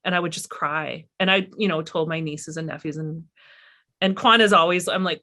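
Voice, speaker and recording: A middle-aged woman talks about her work in a slightly low voice. She is candid and halting, restarting her sentences often as she reflects. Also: pushed and bright. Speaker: filmmaker guest. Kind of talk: reflective conversation.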